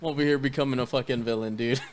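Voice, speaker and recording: A man co-hosting a casual movie review podcast, excitable and profane, often laughing and shouting when he reacts. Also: mid-range voice, brisk, a little hiss or hum. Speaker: podcast co-host.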